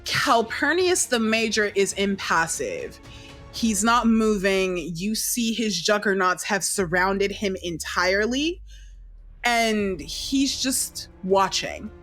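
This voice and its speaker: A woman running a tabletop game as dungeon master, narrating slowly in a casual, descriptive way. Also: medium pitch, animated, a bit bright, soft background music. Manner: slow, descriptive, casual swearing.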